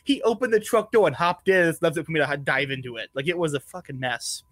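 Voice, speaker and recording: A man's voice: a little high, fast, a bit bright, no room sound. A man hosting a podcast, telling stories in loose, casual chat with a lot of swearing. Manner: loose, profane storytelling. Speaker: podcast host.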